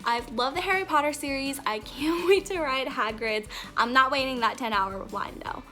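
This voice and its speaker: With a high, pushed, bright voice at a moderate pace, a woman in her twenties chats into her camera mic for a get-to-know-me vlog, bubbly and giggly, drifting across topics while faint music plays behind her.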